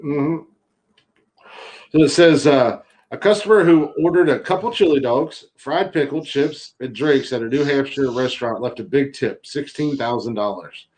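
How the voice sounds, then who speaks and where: A man's voice: mid-range voice, normal speed, darkish tone, low-quality recording. A middle-aged man hosting a podcast in casual chat, wry and laid-back, swearing and reading out news stories. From Johnstown area, Pennsylvania. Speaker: podcast host.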